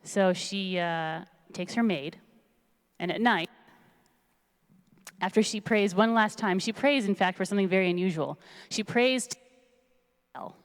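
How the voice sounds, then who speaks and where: A woman retells a biblical story in a loose, conversational way, full of fillers and asides. Her voice sits at a middle pitch and carries a long reverb from a large synagogue sanctuary. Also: measured pace, pauses often, clear, resonant tone. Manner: chatty, animated, lots of fillers.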